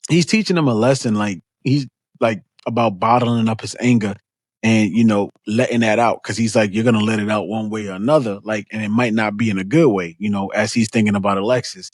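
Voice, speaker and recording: A man co-hosting a casual book club discussion, relaxed, retelling scenes with quoted lines and casual slang. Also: lowish voice, a little fast, no room sound, clean studio sound.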